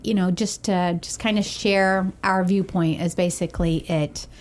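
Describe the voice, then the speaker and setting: A woman's voice: on the low side, fairly even intonation, moderate pace. A woman in her thirties co-hosting a parenting podcast, chatting casually, giggling often and thinking things through. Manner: giggly, thoughtful. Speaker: podcast co-host. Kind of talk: casual chat.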